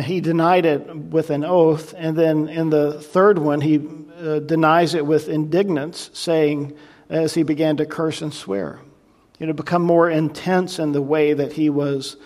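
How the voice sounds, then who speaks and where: A man's voice: on the high side, fairly even intonation, unhurried, darkish tone. A man preaching a verse-by-verse sermon in a conversational, reflective way, with frequent asides to the congregation. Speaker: pastor. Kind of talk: sermon, verse-by-verse Bible teaching.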